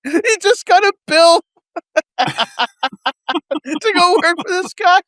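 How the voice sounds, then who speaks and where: A man's voice: very high voice, animated, very slow, pushed and bright, dry recording, clean studio sound, soft background music. A man co-hosting a casual movie podcast, laughing often and making jokey asides. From Canada. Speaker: podcast co-host.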